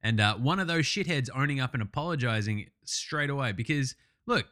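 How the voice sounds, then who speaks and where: A man hosting a casual sports recap, ranting excitably and swearing a lot. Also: medium pitch, brisk. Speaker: podcast host.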